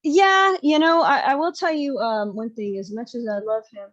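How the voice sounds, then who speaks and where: A woman's voice: on the high side, steady tone, normal speed, a bit bright, lo-fi sound. A woman with a Southern American accent, hosting a podcast in casual, opinionated chat and laughing often. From Southern United States. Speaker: podcast host.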